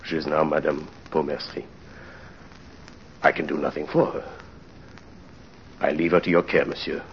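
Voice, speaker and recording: An actor playing a tormented aging ex-convict father in an old-time radio drama, speaking in a somber, halting way. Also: very deep voice, flat delivery, creaky, highs cut off, slight background noise. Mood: grave.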